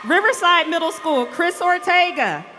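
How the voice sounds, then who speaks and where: Woman, assembly announcer reading names slowly; high, bright voice, reverberant hall sound. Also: animated, a crowd in the background, noisy background. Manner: reads names slowly and calls winners up. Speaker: awards announcer. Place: large school hall or auditorium. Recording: reverberant hall, faint ambience.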